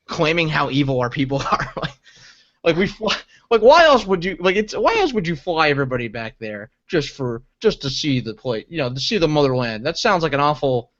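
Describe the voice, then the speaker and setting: On a podcast he co-hosts, a man chats casually, telling a rambling story that keeps restarting as he cuts himself off. His voice sits fairly high and sounds a little bright, animated and fairly quick, though the audio is dull.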